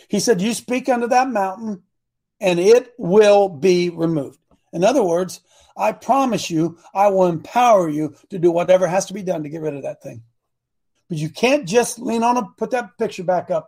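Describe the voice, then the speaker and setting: A man's voice: high-pitched, mellow. A man preaching a sermon as a coach, folksy and emphatic, retelling Bible stories in slang.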